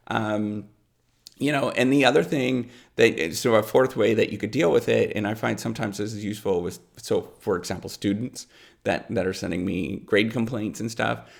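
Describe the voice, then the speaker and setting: A man's voice: on the low side, vocal fry. A middle-aged man, a professor, giving rambling unscripted advice with lots of fillers and repeated words. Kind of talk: unscripted advice talk to camera.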